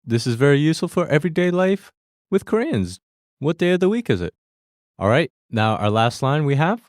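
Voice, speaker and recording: A man's voice: on the high side, sing-song, brisk, no room sound, studio quality. A man hosting a language lesson, explaining Korean phrases to learners step by step in a friendly way that breaks into easy laughter.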